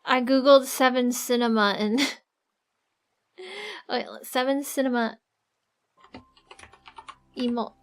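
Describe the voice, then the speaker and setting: A woman streamer chatting casually with her viewers, giggling often and thinking out loud as she works. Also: fairly high pitch, fairly even intonation, slow pace, pauses often. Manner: chatty, giggly, thinks aloud while drawing. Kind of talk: casual livestream chat with viewers.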